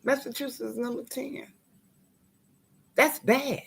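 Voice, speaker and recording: A woman speaks with fiery conviction in a gravelly, husky voice. She preaches straight to her viewers and calls them y'all. At times her voice sinks to a hushed whisper. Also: high-pitched, steady tone, unhurried. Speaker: tenant speaking out. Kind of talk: impassioned direct-to-camera appeal.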